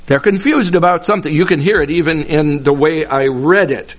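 A man slowly teaching a Bible passage verse by verse, patiently explaining each phrase and repeating himself. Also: a little high. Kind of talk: slow verse-by-verse Bible lesson. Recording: dull lo-fi recording.

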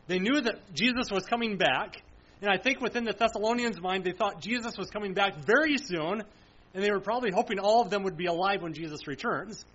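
Working through scripture verse by verse, a high-voiced preacher speaks a little fast with a fairly bright tone, stressing points firmly and answering his own questions. The recording sounds dull and lo-fi.

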